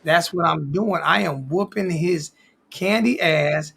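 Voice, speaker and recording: Boastful gravelly man ranting. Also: a little high, takes it slowly, a bit bright. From American. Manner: boastful, repeats himself, stammering restarts. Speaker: sports podcast host. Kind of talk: casual trash-talk rant.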